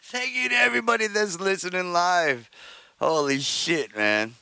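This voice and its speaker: A man's voice: high-pitched, normal speed, vocal fry, bright, forceful tone, smooth. A man hosting a podcast, chatting casually with giggly, profane banter on a studio mic. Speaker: podcast host. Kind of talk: casual chat.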